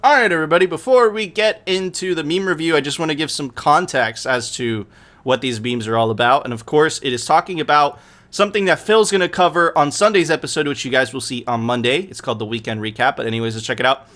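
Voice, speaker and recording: A man's voice: fairly high pitch, quick pace. A man hosting a live stream, chatting casually with profanity and frequent laughter. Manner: profane, laughing, animated ranting. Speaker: podcast host.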